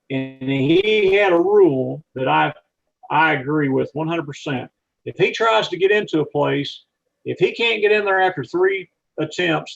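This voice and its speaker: A man with a gravelly voice pitched a little high tells flying stories in a rambling, folksy way, often restarting his sentences. It sounds like a casual talk given with slides. The recording is dull and lo-fi. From not from Texas. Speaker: aviator and aircraft mechanic giving a talk. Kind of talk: anecdotal storytelling talk with slides.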